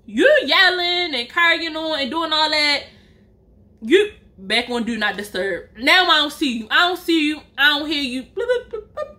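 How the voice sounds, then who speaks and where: Woman, casual storytime vlog, slangy and animated, high voice. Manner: animated, slangy, acts out quotes. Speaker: storyteller vlogger.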